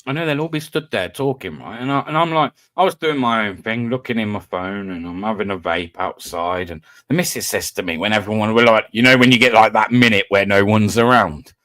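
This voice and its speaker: A man's voice: fairly low pitch, lively intonation, fairly quick, fairly bright tone, no room sound. A British man hosting a live voice chat, chatting casually and telling stories in a self-mocking way. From Britain. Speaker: host of a live voice-chat panel. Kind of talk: casual banter. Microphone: online voice chat.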